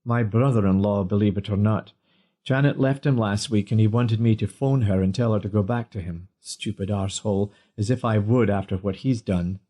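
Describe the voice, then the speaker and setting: A man's voice: on the low side, normal speed, mellow, natural voice. A man voicing a young struggling singer, weary and seething.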